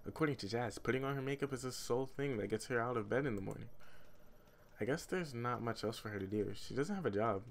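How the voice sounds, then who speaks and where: A man's voice: medium pitch, fast talker, gravelly, slight background noise. A male streamer reading a story game aloud, breaking off with rambling, self-mocking jokes and laughter.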